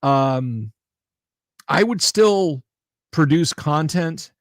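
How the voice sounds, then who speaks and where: A livestream host speaks emphatically in casual chat, his slightly high, animated voice captured close in a dry recording with no room sound. He takes his time, often pausing and starting over, and keeps repeating key phrases to press his point.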